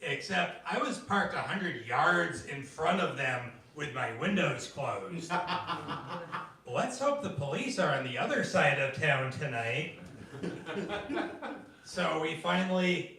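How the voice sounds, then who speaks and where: A man doing stand-up at an open mic, telling stories in an animated way and jumping into high voices for the people he quotes. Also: gravelly. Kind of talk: stand-up storytelling. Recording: echoey room, from a distance.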